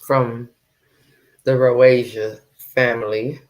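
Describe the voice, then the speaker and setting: A woman hosting her own live stream, talking casually and taking her time. Her words come slowly and loosely, with easy pauses as she greets the people watching. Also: rumbling low, little pitch movement. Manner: unhurried, chatty, reads out viewer comments. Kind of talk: casual chat.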